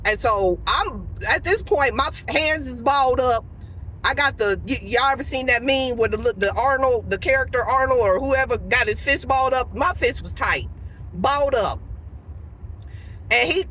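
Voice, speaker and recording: A woman tells a heated story from her car, her voice high and bright and swinging all over. She acts out each exchange with dramatic emphasis. Faint road and cabin noise hums behind her. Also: moderate pace, rough recording. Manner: animated storytelling, acts out quotes. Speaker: vlogger. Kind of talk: casual storytime vlog.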